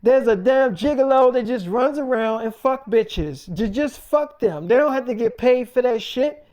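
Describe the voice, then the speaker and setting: A man's voice: very high-pitched, lively intonation, normal speed, darkish tone, voice pushed up. Jealous young girlfriend, scolding and profane, as a man puts her on.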